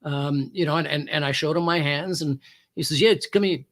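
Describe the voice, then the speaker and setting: A man's voice: fairly high pitch, little pitch movement, moderate pace, fairly bright tone. A former police hostage negotiator from Canada, a male guest on a talk show, telling an anecdote with emphatic rises and hesitant fillers. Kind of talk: storytelling anecdote.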